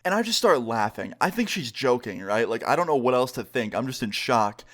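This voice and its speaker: A young man vlogging a storytime, telling it in a casual, animated way and swearing freely. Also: medium pitch, a little fast. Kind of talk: storytime vlog.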